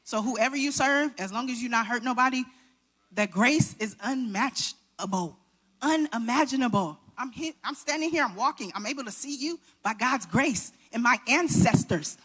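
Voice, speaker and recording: A woman in her thirties gives an award acceptance speech in a slightly high voice. She sounds nervous and shaky but heartfelt, and she calls out to the audience as she talks. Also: expressive, moderate pace, a bit bright, slightly rough. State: shaking. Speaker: award recipient giving a speech.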